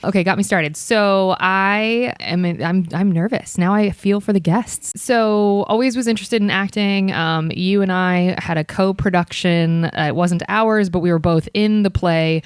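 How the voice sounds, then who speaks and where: A woman in her thirties, host of a podcast, chatting casually about her past while being interviewed, self-mocking and quick to quote herself. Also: mid-range voice, steady tone, smooth, dry recording. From Ohio.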